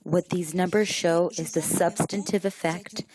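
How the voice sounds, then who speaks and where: Woman from Ukraine, professor, low voice, calm and earnest. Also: a little slow, breathy edge, low-quality recording. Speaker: professor at a roundtable. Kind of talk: panel discussion remarks.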